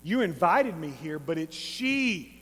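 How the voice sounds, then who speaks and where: An East Texan man voicing a calm male teacher who speaks softly and slowly, heard in a large, reverberant hall. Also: on the high side, breathy edge, faint music behind, pitched below the performer's own voice, heavily acted. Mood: gentle. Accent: East Texas. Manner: slow, quietly probing.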